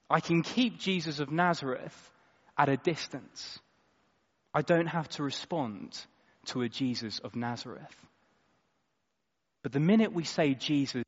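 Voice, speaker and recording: Slow, expressive preacher. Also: male voice, medium pitch. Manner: expressive, dramatic swings between loud and quiet. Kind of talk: sermon. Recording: echoey hall, slightly dull sound.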